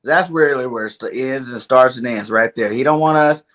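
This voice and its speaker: A man's voice: medium pitch, moderate pace, a bit bright. A man co-hosting a casual sports podcast, firm and matter-of-fact. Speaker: podcast co-host.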